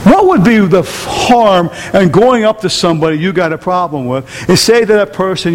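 High-pitched emphatic male pastor preaching. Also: animated, normal speed, few pauses. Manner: emphatic preacher, questions to the congregation. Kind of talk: sermon. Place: church hall. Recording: reverberant hall with faint noise.

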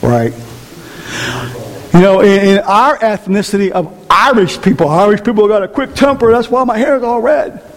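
High-voiced pastor preaching in a reverberant hall. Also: male voice, normal speed. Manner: animated, joking, asks the congregation rhetorical questions. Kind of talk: sermon. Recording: long reverb of a large hall.

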